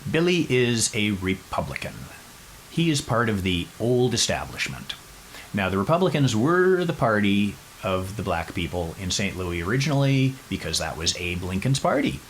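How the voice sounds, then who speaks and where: A man hosting a podcast, telling a story in a casual, animated way with wry asides. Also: lowish voice, normal speed, a little hiss or hum, poor audio. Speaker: podcast host.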